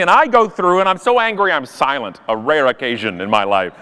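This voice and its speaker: A man giving an animated, self-deprecating comic talk at a conference. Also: high-pitched, fairly quick, clear, resonant tone, long reverb tail. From Canada. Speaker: conference speaker. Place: conference stage.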